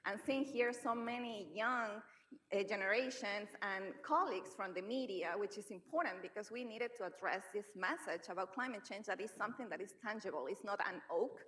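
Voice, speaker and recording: A woman's voice: medium pitch, brisk, fairly bright tone, distant mic. A woman from Bolivia, speaking earnestly as a conference panelist in English. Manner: non-native phrasing, earnest. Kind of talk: panel discussion.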